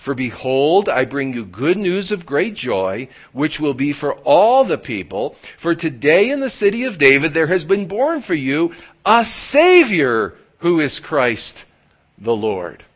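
A man preaching a sermon as pastor, swinging from loud emphatic lines to hushed near-whispers and drawing key words out slowly. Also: on the high side, very animated. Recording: dull lo-fi sound.

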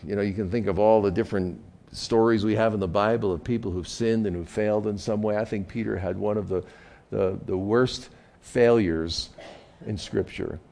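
A male pastor delivers a sermon in a loose, conversational way, stumbling and repeating words as he goes. His voice is low and rough with a gravelly fry. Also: mellow.

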